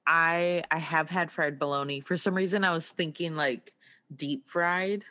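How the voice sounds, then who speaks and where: A relaxed speaker chatting casually about food, laughing often. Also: medium pitch, a little slow. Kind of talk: casual chat.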